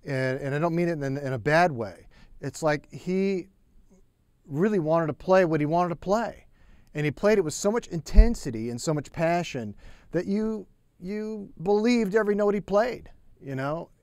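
Chatty man teaching drums, higher voice. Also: normal speed, clear, resonant tone, no echo. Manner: relaxed and chatty, counting beats aloud over drumming. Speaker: drum teacher. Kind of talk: casual spoken drum lesson.

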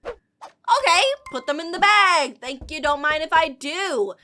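Excitable bright-voiced woman reacting. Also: high voice, a little slow, slight background noise. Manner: excitable, exclaiming, chatty. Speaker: reaction video host. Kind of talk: animated reaction commentary.

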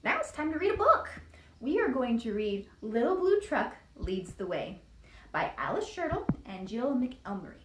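A woman's voice: a little high, very animated, moderate pace, a bit bright, slight background noise. A woman librarian reading a picture book aloud to young children in a sing-song storytime style, putting on voices. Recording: echoey room, distant mic.

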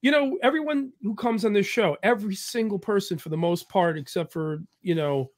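A man's voice: sits high, a little fast. A man hosting a podcast interview, joking around, laughing easily and asking blunt questions. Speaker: podcast host. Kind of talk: casual interview chat.

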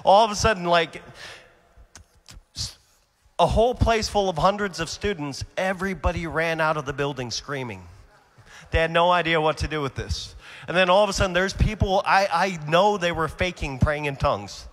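A man preaching a sermon at a conference, telling stories with a voice that swings from quiet to shouting. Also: a little high, normal speed, long reverb tail.

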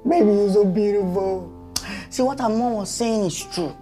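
A man's voice: high-pitched, normal speed, natural voice. A man with a Nigerian accent playing a besotted husband who stammers, pleads and dotes on his wife in a Nollywood movie. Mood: doting. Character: besotted hen-pecked husband, soft and begging. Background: background music.

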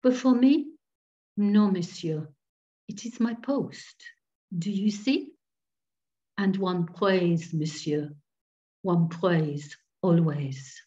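A woman voicing a grave, devout male French village priest, speaking slowly and solemnly over a dull video call. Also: lowish voice, warm tone. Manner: slow, solemn, measured.

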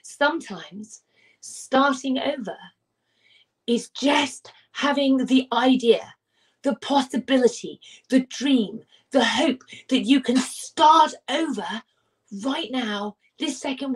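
Woman speaker, higher voice, earnest personal storytelling, mic at some distance. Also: a bit bright. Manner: earnest, emphatic, with repeated phrases. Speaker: motivational speaker.

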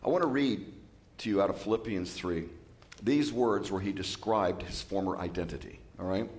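A man preaching a sermon as pastor, lively and joking with asides. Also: deep voice, moderate pace. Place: church.

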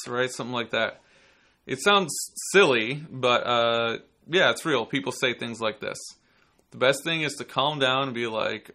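A man hosting a podcast and giving casual self-defense instruction, relaxed and chatty, sometimes acting out angry people. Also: mid-range voice, moderate pace. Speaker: podcast host and martial arts instructor.

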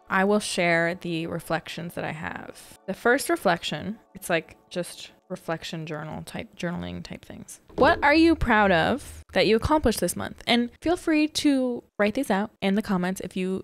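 A woman's voice: mid-range voice, creaky, no echo. A young woman chatting casually as a gaming content creator. She rambles and talks to herself while she plays a farming game.

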